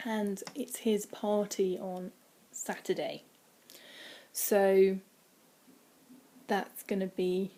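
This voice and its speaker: A woman chatting casually from home in a vlog, rambling with many ums and dropping into quiet, breathy asides. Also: medium pitch, little pitch movement, drawn-out words, pauses often. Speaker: vlogger. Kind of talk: casual weight-loss vlog. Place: indoors at home, by a window.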